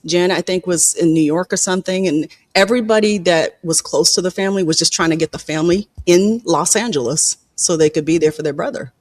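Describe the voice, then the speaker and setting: Candid, profane film producer telling stories. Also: no echo. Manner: candid and profane, acts out quoted people with sharp pitch jumps. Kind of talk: candid interview storytelling.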